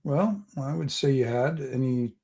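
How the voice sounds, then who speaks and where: A man voicing a formal, guarded noble lord who speaks courteously and deliberately, in a tabletop game. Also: mid-range voice, gravelly, warm tone, husky.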